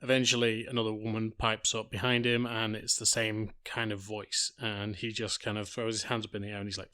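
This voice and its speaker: Male podcast host, low and even, dry mic, casual blunt retelling. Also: normal speed, hardly any pauses, no echo. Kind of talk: TV recap podcast.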